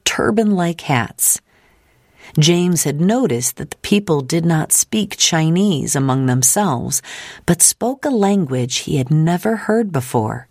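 A woman reading a biography aloud as an audiobook narrator, in a steady, measured storytelling manner on a close studio mic. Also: sits low, dry recording.

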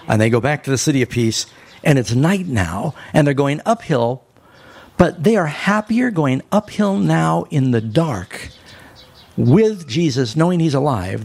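Male preacher, husky and gravelly, animated storyteller with emphatic peaks. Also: medium pitch. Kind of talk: sermon.

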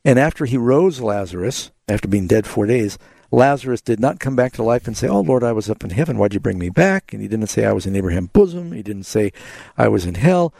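Man, call-in radio host, gravelly, earnest scripture explanations, dry studio. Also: on the low side, very animated, brisk, mellow, no room sound. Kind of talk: call-in radio Bible answers.

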